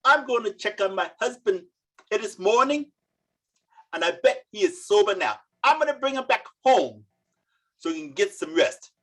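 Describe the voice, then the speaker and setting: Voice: animated, moderate pace, close to an everyday voice, poor audio. A storyteller voicing a village wife who fusses over her drunken husband and mourns him. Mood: scolding. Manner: high, wailing lament.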